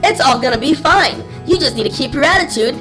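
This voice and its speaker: A man's voice: very high voice, expressive, fast, sharp tone, faint music behind, voice pushed up, full character voice. A man voicing an upbeat customer who cheers on a salesperson. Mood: coaxing. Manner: coaxing pep-talk tone. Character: encouraging customer voice, adult, upbeat.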